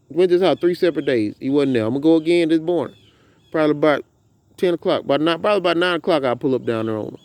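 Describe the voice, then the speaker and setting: Animated Southern man vlogging outdoors. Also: fairly high pitch, no echo. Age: 30s. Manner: animated, preachy storytelling. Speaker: farm vlogger. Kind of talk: casual outdoor vlog. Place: outdoors on a farm.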